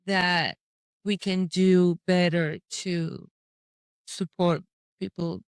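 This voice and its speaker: A woman host asks her questions slowly, pausing to search for words. Her voice is smooth and clear. The recording is dry and close. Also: fairly low pitch, little pitch movement, dry recording. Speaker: podcast host. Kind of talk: interview question.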